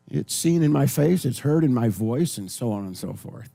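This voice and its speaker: A man's voice: mid-range voice, lively intonation, moderate pace, creaky, mellow. A man teaching a class on biblical counseling in a conversational way, reading scripture verses aloud and often restarting his sentences. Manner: explains with many restarts and repeated phrases.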